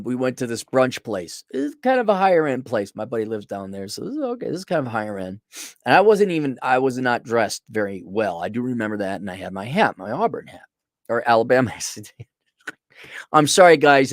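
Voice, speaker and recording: A man's voice: mid-range voice, no echo, clean studio sound. A middle-aged man telling a rambling, self-mocking story in a casual monologue, full of sarcastic asides. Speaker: podcast host.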